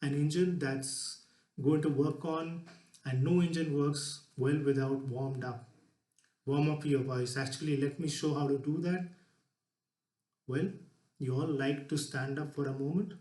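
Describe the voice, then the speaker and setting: A man giving a public talk from a stage to a live audience, speaking in a lively, demonstrative way. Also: fairly high pitch, echoey room. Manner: lively, demonstrative, shifts voice to show examples.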